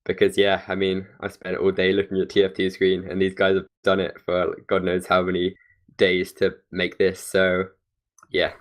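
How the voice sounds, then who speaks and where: Deep-voiced teasing man from Bristol. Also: completely flat delivery, moderate pace. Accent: West Country English. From Bristol, England. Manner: dry, teasing humour. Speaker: tournament caster. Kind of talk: casual stream chat.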